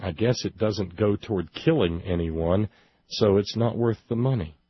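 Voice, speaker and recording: A man's voice: lowish voice, moderate pace, slightly rough, no room sound, highs cut off. A man delivering a sarcastic commentary monologue, mocking and indignant in turns, with hesitant restarts as he reads from a report. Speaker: political commentary host.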